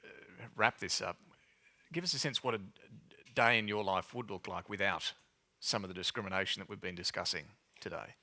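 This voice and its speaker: Crisp, bright-toned moderator man. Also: lowish voice. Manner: measured, courteous. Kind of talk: panel moderation.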